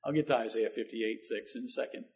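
A man's voice: medium pitch, fast, breathy edge. A man preaching a sermon, reading scripture and expounding it earnestly, with emphatic swells on key lines. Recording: dull lo-fi recording.

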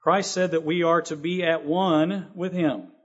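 A man's voice: on the high side, fairly even intonation, measured pace. Earnest preaching man, lo-fi sound. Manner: earnest, rising to emphatic on scripture. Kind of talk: sermon. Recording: dull lo-fi recording.

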